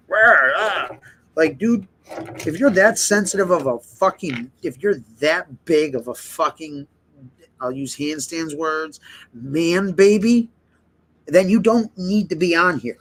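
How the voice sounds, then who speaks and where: A man's voice: fairly high pitch, unhurried, fairly bright tone, low-quality recording. A man hosting a livestream in casual chat, rambling and swearing heavily as he rants. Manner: rambling and profane, heavy swearing; heated ranting. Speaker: livestream host.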